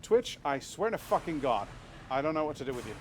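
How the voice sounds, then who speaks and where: A man's voice: fairly high pitch, very animated, a little fast, a little hiss or hum. Rambling, swearing male game streamer. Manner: rambling and casual, swears often, many restarts. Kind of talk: live game stream commentary.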